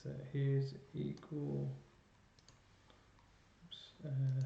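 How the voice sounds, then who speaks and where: A man's voice: mid-range voice, completely flat delivery, extremely slow, gravelly, dark tone. Male music teacher, explanatory, thinks aloud, roomy dull lo-fi recording. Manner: explanatory, thinking aloud while working a computer. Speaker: chorus music educator. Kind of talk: online music lesson. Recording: roomy, dull lo-fi sound with faint noise.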